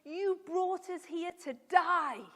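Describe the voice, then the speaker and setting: A woman's voice: very high voice, takes it slowly, fairly bright tone, voice pushed up, heavily acted. A woman voicing a crowd of grumbling, fed-up desert wanderers, dragging out their moaning complaints, in a church hall with long reverb. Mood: whining.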